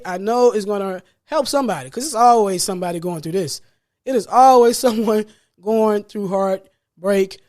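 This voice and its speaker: High-voiced man preaching self-healing. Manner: earnest, preachy, repeats key phrases for emphasis; laughs lightly between points. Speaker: podcast host and life coach. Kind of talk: solo motivational podcast monologue.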